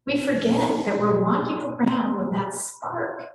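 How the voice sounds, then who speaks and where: A senior minister with a medium-pitched, animated voice gives a conversational sermon slowly in the large hall of a spiritual center. She's chatty and playful, laughs often and addresses the congregation directly. The echoey hall adds long reverb, with slight background noise.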